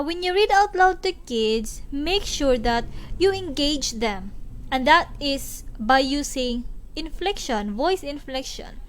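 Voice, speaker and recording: Slow-speaking Filipino woman teaching. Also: high-pitched. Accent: Filipino, Cebuano-speaking. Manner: instructive, addresses teachers directly, mixes in Cebuano phrases. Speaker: education student presenting a lesson. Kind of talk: recorded teaching presentation.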